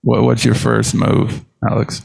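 A man co-hosting a podcast in casual chat, telling jokes slowly in a serious, deadpan late-night DJ manner. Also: on the low side, vocal fry, slightly rough. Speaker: podcast co-host.

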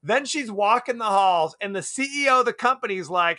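A man with a high, lively voice co-hosts a casual movie podcast and talks with bright energy. He laughs often and acts out bits of dialogue as he goes. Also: fairly quick. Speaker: podcast co-host. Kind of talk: casual movie review chat.

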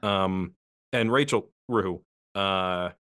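A man chatting casually as a podcast co-host, telling stories in a relaxed way with many fillers. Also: sits low, takes it slowly, clean tone, no echo. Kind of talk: casual chat.

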